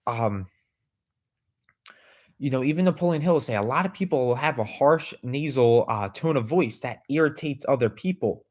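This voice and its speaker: Expressive and medium in pitch, this male podcast host talks at a normal speed. His motivational speech repeatedly questions the listener, with "right?" and "okay?" tacked on, and he repeats words as he restarts.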